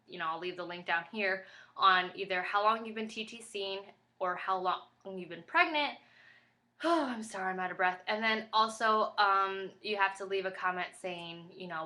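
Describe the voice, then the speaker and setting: Tired, flustered woman vlogger, bright voice, rambling casual talk straight to a camera mic. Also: medium pitch. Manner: rambling and chatty, with many fillers. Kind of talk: casual pregnancy update vlog.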